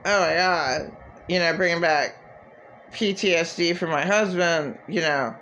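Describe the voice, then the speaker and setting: A woman's voice: fairly low pitch, slow, a bit bright. Rambling, agitated woman venting. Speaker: vlogger. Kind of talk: casual venting monologue.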